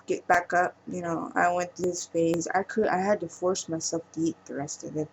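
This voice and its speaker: A woman speaking in a personal vlog monologue, halting and emotional, trailing off with pauses. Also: lowish voice, fairly even intonation, vocal fry, slightly rough, poor audio. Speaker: vlogger.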